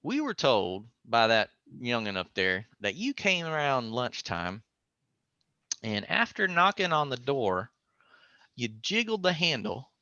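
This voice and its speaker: A man voicing a calm, stern small-town police officer who drawls and calls people son. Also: mid-range voice, unhurried, no echo, lo-fi sound, exaggerated voice.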